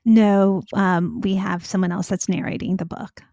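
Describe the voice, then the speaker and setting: A woman's voice: mid-range voice, little pitch movement, moderate pace, vocal fry, dark tone, no room sound, clean studio sound. A woman physician with a soothing voice, speaking reflectively as an interview guest. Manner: reflective, hedging with fillers. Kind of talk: conversational interview.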